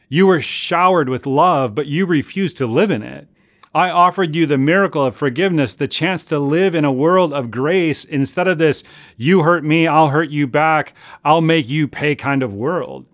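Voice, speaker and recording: A man voicing a stern, disappointed male company boss passing judgment, quiet and grave, within a sermon. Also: on the high side, dry recording, studio quality.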